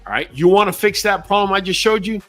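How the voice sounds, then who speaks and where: A man talks straight to his livestream viewers in a blunt, slangy, casual way. His voice is bright and sits fairly high. Faint music plays under him. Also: fast talker. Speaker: dog breeder and livestream host.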